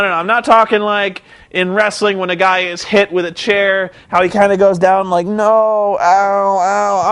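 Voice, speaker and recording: A man's voice: sits high, bright, forceful tone. A young man recapping a show in a rambling, incredulous, sarcastic way. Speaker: vlogger.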